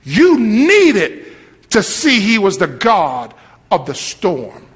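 A preacher man delivering a lively storytelling sermon, acting out voices and rising to shouts. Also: sits high, takes it slowly, husky. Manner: animated, acts out voices, shouts at peaks. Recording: long hall reverb.

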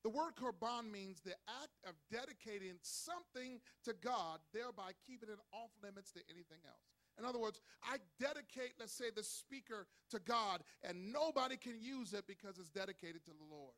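A male pastor preaching a sermon in a church, dramatic, moving between quiet asides and shouted emphasis, reading scripture slowly and calling for responses from the congregation. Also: sits high, animated. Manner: calls for audience responses. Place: church sanctuary.

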